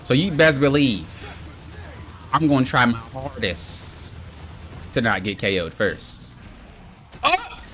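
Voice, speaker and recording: A man live-streaming a video game with excitable, exclamatory commentary, yelling at mishaps and trash-talking his friends. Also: medium pitch, slow, long pauses.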